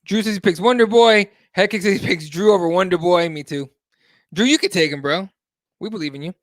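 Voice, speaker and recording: A man with a fairly high voice hosts a live MMA talk show. He talks in a loose, animated way and swears freely. His voice is close and dry, with no room sound around it. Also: brisk, no room sound. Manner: casual, animated, swears freely, reads chat aloud. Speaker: host.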